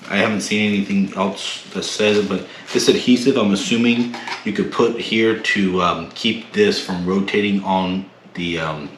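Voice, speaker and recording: A man hosting his own tech channel, unboxing and explaining a device in a relaxed way with many fillers and restarts. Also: low-pitched, normal speed, echoey room, slight background noise. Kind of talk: casual product unboxing. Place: home room.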